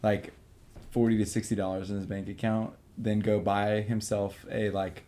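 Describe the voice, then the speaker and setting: A man's voice: on the low side, little pitch movement, moderate pace, warm tone. A young man in his twenties, a band member guest, telling stories animatedly and laughing often. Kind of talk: casual chat.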